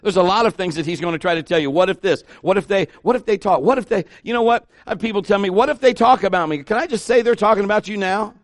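A middle-aged pastor preaching an animated sermon, acting out the people he quotes. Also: sits high, fast talker, hardly any pauses, dry recording, clean studio sound.

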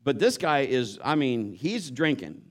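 A man's voice: mid-range voice, big pitch swings, measured pace. A man preaching a sermon, telling a story and acting out the voices of the people in it. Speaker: pastor.

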